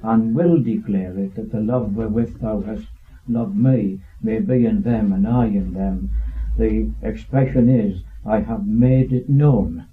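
A man's voice: on the low side, a little slow, few pauses. A man taking part in a Bible study discussion, thoughtful and quoting scripture. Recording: tinny phone-like recording.

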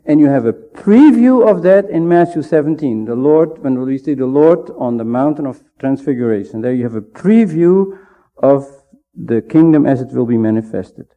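A man giving a measured, emphatic Bible teaching sermon, pausing often to stress his points. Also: mid-range voice, animated. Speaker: preacher. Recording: dull lo-fi sound.

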